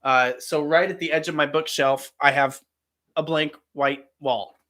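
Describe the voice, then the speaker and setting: A man's voice: on the high side, steady tone, a little slow, a bit bright. A man hosting a live stream, casually explaining and demonstrating a lighting setup from his home room. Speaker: host. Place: home room with bookshelf and blank wall.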